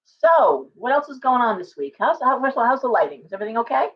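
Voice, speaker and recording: A woman's voice: fairly high pitch, very animated, fast talker. A middle-aged woman hosting a casual live chat from home, rambling and greeting viewers by name. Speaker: livestream host. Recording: dull lo-fi livestream audio.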